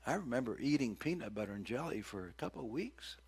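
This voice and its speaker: A middle-aged man preaching a sermon as pastor, folksy and joking, with big loud swings when he acts out cries. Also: mid-range voice, very animated, fast, slightly rough.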